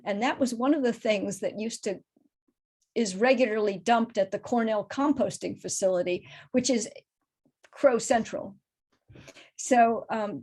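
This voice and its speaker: A middle-aged woman, a crow researcher, answering audience questions after her talk over a video call in a thoughtful, explanatory way. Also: medium pitch. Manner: thoughtful, explanatory, careful not to oversimplify. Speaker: crow researcher and guest speaker.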